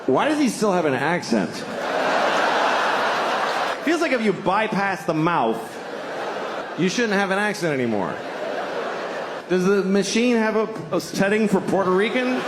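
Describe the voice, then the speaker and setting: A man doing stand-up comedy, sliding from low mumbled asides to high exclaiming bursts. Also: reverberant, very noisy.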